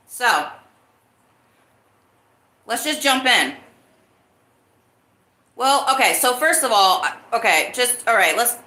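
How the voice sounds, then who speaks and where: A woman's voice: mid-range voice, pushed and bright, echoey room. A woman hosting her own live-stream podcast, talking casually and greeting viewers in the chat. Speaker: livestream podcast host.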